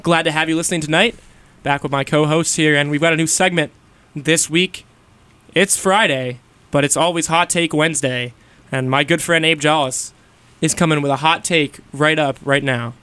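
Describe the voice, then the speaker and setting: A young man hosting a college radio sports chat, animated and quick to jump in. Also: fairly high pitch, clean tone, dry recording. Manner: animated, talks over others, quick bursts. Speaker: radio host.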